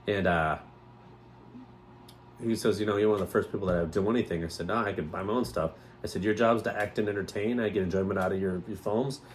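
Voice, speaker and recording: A man's voice: lowish voice, fairly even intonation, fast, slight background noise. A man co-hosting a podcast, telling stories in a rambling casual chat and mimicking other people's voices as he goes. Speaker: podcast co-host.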